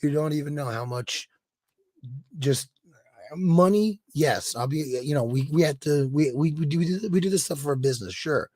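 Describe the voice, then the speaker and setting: A hoarse man hosting a casual live stream, warmly reading viewers' chat aloud with rambling restarts and quiet mutters. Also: a little high, moderate pace. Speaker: streamer host.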